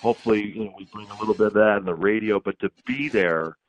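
A man's voice: lowish voice, fast. A man who works as a radio sports broadcaster, answering interview questions in a thoughtful way that builds in enthusiasm. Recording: dull, slightly lo-fi audio, dry.

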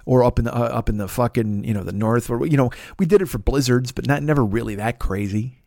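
A man's voice: mid-range voice, fast talker, gravelly, dry recording, clean studio sound. A man hosting a podcast, telling a story as a profane rant and swearing constantly. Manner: animated, swears constantly, builds to shouting. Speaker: podcast host.

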